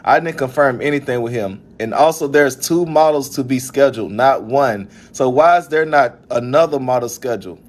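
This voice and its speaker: A man's voice: medium pitch, normal speed, hardly any pauses. A young man from Alabama with a Southern accent, venting in a casual vlog with frustrated laughs. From Birmingham, Alabama. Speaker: event organizer.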